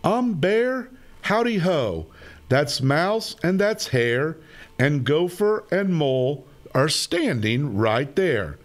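A man voicing a curious, friendly male bear in a children's story, with a high, eager, questioning voice.

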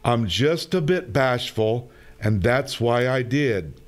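A timid storybook owl, voiced by a man. It speaks very slowly and gently, apologetic, with a lively rise and fall in the voice. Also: medium pitch. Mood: bashful. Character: shy, bashful owl. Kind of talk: children's story reading.

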